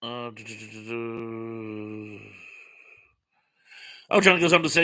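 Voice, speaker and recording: A man's voice: mid-range voice, expressive, slow pace, pushed and bright. A man in his fifties hosting a casual live chat, reading viewer comments aloud and chatting between them with plenty of fillers. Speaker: host.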